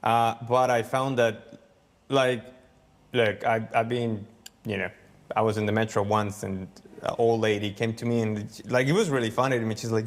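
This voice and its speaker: A man from the United States in a casual conversation, animated and acting out little quoted exchanges as he speaks. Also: lowish voice, moderate pace. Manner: animated, acts out quoted dialogue. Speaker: foreign resident interviewed in a clip. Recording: long reverb in the room.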